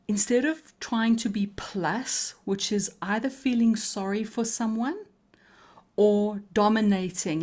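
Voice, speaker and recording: A woman leads a coaching lesson in a calm, melodic voice. She takes her time, slows on key phrases and leaves deliberate pauses. Her tone is inviting and she laughs easily. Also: medium pitch. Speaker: coaching trainer. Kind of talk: live coaching webinar teaching.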